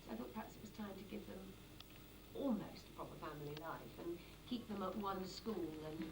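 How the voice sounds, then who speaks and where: A woman in her fifties, an actress chatting lively and theatrically with fans, full of anecdotes. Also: mid-range voice, a little fast, reverberant. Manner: animated, theatrical, breaks into voices and laughter. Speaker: interviewee, actress. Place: function room with an audience. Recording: amateur distant mic, crowd and noise.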